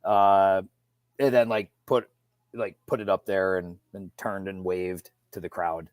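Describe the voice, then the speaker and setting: A man co-hosting a podcast in casual chat, loose and wry, often trailing off quietly. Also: deep voice, little pitch movement, a little slow, no echo. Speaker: podcast co-host.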